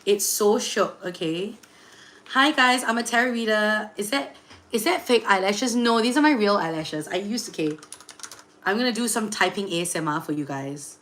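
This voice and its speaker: A young woman, hosting a casual livestream, chatty and full of fillers, excitedly greeting viewers. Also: mid-range voice, moderate pace, a little hiss or hum. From Singapore. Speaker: livestream host and tarot reader.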